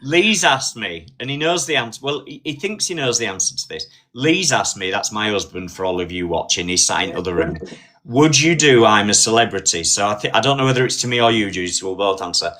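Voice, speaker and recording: A man hosting a casual live-stream chat, telling an animated story. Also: lowish voice, fairly quick. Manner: animated storyteller, acts out voices in quotes. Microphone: phone on live stream.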